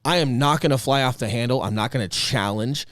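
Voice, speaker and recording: A man co-hosting a casual podcast chat, talking with emphatic passion and swinging between loud bursts and quiet asides. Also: mid-range voice, a little fast, no echo, studio quality. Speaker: podcast co-host.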